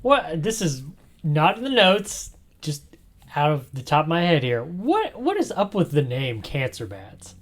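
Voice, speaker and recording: A man hosting a casual podcast chat, jokey and animated, often dropping into whispered asides. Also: a little high, unhurried. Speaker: podcast host.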